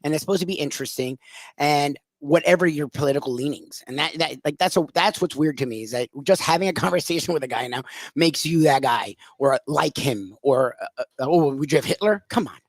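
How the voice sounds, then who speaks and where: A male radio co-host with a fairly high voice who argues his point in an animated, casual way. The sound is close and dry, as in a studio. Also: brisk, dry recording. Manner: animated, opinionated.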